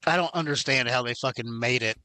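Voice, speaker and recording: A man's voice: medium pitch, fairly quick, sharp tone, no echo. A man hosting a podcast in casual, crude chat, laughing and swearing often. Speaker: podcast host.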